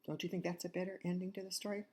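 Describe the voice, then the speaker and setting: A woman's voice: on the low side, little pitch movement, rapid-fire, a little mellow. An older woman, a grandmother, telling a children's fairy tale in a chatty way, talking straight to the kids. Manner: chatty, talks directly to children. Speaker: grandmother storyteller. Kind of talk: children's story reading.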